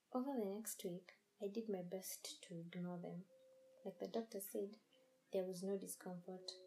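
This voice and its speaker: A woman reading a first-person horror story in a measured, dramatic storytelling manner. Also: mid-range voice, dark tone, slight background noise, poor audio. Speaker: narrator.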